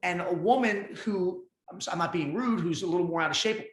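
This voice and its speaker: A man in his fifties talks as a podcast guest. He is blunt and emphatic, and he delivers tough love without softening it. His voice carries a noticeable room echo. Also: high-pitched, a little fast, a little hiss or hum. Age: 50s. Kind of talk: casual interview talk.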